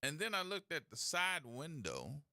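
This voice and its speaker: A man hosting a call-in radio talk show, telling stories in a folksy, animated way. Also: fairly high pitch, unhurried, no echo, studio quality. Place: radio studio. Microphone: studio mic.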